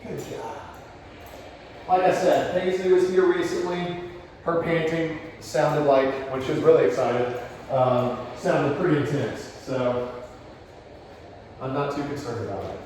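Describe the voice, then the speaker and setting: Guy dog trainer, higher voice, explaining as he works, sounds far off in a boomy room. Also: a little slow, long pauses, a little hiss or hum. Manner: explains calmly, breaks off to praise the dog. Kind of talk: live demonstration with commentary. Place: indoors in a home. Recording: echoey room, voice picked up from afar.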